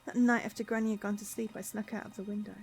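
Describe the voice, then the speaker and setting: A woman reading game dialogue aloud, voicing a guilty, hopeless young man who speaks in a shaky, halting, pleading way. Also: mid-range voice, level tone, a little mellow, faint music behind, natural voice. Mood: confessing.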